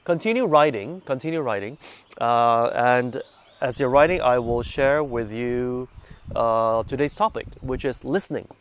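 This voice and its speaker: A man leading a meditation group, talking gently and conversationally and putting questions to his listeners, a little congested from sinus trouble. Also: medium pitch, unhurried, clear, resonant tone. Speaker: meditation guide. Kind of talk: relaxed talk to a meditation group.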